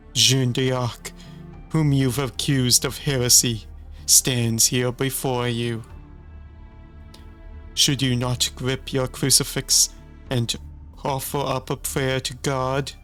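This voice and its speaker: A cold, vengeful holy woman , read out by a man in a low, near-ordinary voice, mocking her enemies in slow, drawn-out sneers. The delivery stays unhurried, with faint music behind. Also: level tone, fairly bright tone. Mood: taunting. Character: vengeful dark female saint, cruel and mocking.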